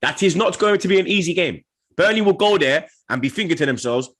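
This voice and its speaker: Young guy trash talking football rivals, high husky voice, loud, keeps laughing. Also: animated, fairly quick. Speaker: football podcast host. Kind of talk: heated banter.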